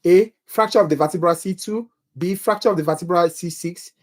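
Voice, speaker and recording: A man's voice: high voice, brisk, a little mellow. Man tutoring exam questions live. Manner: quizzes viewers, reads options aloud, jokes about his accent. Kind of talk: live exam-prep review.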